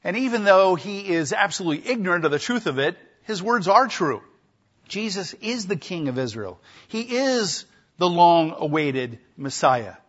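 Husky-voiced man preaching a sermon. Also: high voice, sing-song, moderate pace, a bit bright, highs cut off. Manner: emphatic, acts out quoted speech. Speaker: pastor. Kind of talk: expository sermon.

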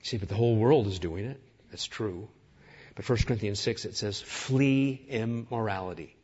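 A man's voice: lowish voice, brisk, a little mellow, husky, dull audio. A man preaching a sermon as pastor, earnest and emphatic, piling up lists of words.

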